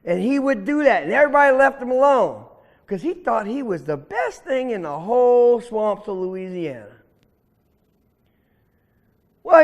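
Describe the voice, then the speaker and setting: A man telling a story live to children, animated and asking the audience questions. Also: high voice. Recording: echoey hall reverb.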